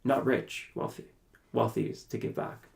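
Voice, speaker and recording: A man from Canada, a podcast guest, telling a personal story in an animated way and acting out his own past conversations. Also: moderate pace. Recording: roomy echoey room.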